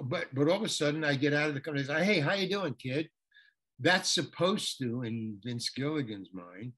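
A man with a husky, slightly high voice tells a story from a shoot. He acts out every exchange, bouncing between voices and restarting sentences as he goes. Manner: animated, acts out the dialogue of others in his story; restarts and repeats words. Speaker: guest actor. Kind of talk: anecdotal storytelling.

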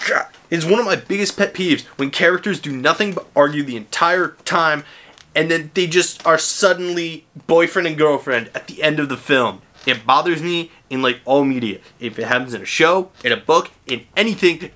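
A man's voice: on the high side, normal speed, bright, forceful tone. A man giving a casual, ranting movie review, exasperated and sarcastic, swearing freely. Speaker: film reviewer.

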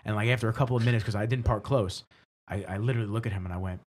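A man hosting a podcast in casual chat, telling stories in a lively way and acting out the voices of the people he quotes. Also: medium pitch, quick pace, a little hiss or hum. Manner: animated storyteller who acts out quoted voices. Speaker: podcast host.

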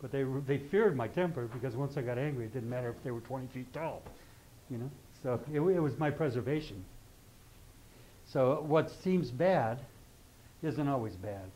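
A man's voice: medium pitch, expressive, normal speed, mellow, slight background noise, rough recording. An older man teaching an astrology class, talking informally, rambling into asides and checking in with the class. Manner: conversational, keeps checking in with "okay?".

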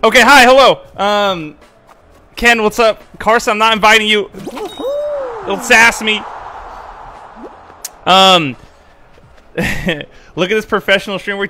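A young man streaming a game live, excitable and swearing, swinging from loud outbursts to muttering. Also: high voice, takes it slowly, pauses often, faint music behind. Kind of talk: live-stream gaming chat.

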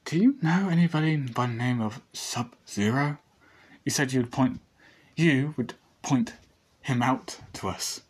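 A friendly, curious pink-haired schoolgirl, as a man reading a fan story puts her on. She speaks hesitantly, stumbles over words, and sits a little above a husky male reader's pitch. The voice stays close to everyday speech. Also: unhurried.

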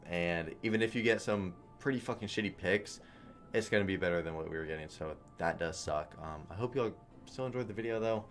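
A man with a low, deep voice gives loose, profane running commentary on his own slot play, cursing and reasoning aloud in a frustrated tone. Faint music plays underneath. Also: fairly quick. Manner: frustrated, swearing, thinking aloud. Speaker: online slot streamer.

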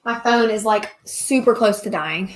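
A woman's voice: medium pitch, measured pace. A woman, chatting casually while hosting a live question-and-answer stream and laughing often. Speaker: livestream host, craft seller.

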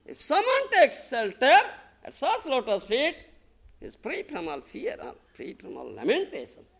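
Emphatic older-recorded man lecturing, very lively pitch. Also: moderate pace, gravelly, highs cut off. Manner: emphatic, keeps asking "you understand?", chants verses. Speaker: spiritual teacher giving a lecture. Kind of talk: devotional lecture to a small gathering. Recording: 1990 archive lecture recording.

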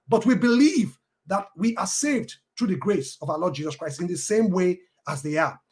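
High-voiced hesitant male debater. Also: expressive. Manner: halting, with many ums and uhs and restarts. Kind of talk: debate argument quoting scripture.

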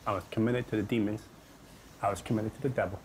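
A man's voice: on the low side, fairly even intonation, fast, a little mellow, a little hiss or hum. A man giving an earnest, dramatic personal testimony about his past. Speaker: testimony speaker. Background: music.

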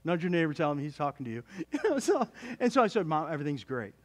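A male pastor delivering a sermon with a high, animated voice. His pitch leaps up and down constantly. He jokes with the congregation and trips over quick restarts as he talks. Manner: animated, joking, many restarts.

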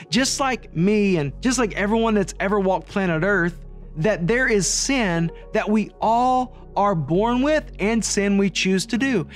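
Male ministry leader with a high voice, preaching an earnest gospel message with repeated phrases over faint music.

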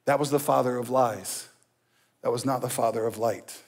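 A man's voice: mid-range voice, moderate pace, breathy edge. A male pastor preaching a sermon in a conversational, emphatic way, with asides to the congregation. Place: church.

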